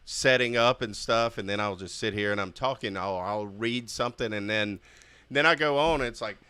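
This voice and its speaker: Bright, crisp-voiced podcast host. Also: male voice, on the low side, moderate pace, no echo. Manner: animated, laughs often, gets loud. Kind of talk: casual podcast chat.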